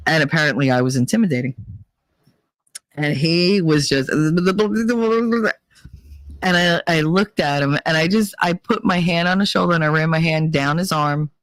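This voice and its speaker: Low and unhurried, this woman's voice comes through with no room sound. She hosts a podcast, telling stories in a chatty, animated way, laughing, swearing freely, and squealing out acted-out quotes in a casual monologue.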